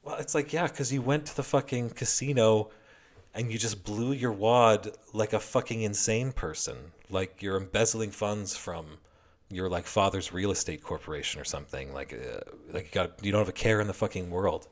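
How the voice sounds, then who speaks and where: A man's voice: fairly low pitch, normal speed. A man giving a heated, heavily profane and sarcastic political commentary rant.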